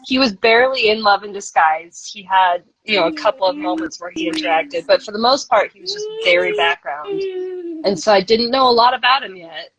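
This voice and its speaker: Woman, author guest, relaxed chatty talk with plenty of fillers. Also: mid-range voice, brisk, a crowd in the background, rough recording. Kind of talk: casual interview chat.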